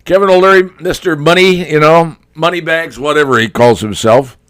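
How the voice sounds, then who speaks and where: A man's voice: on the high side, normal speed, a bit bright. A male talk show host giving a folksy, conversational opinion monologue, speaking straight to his viewers.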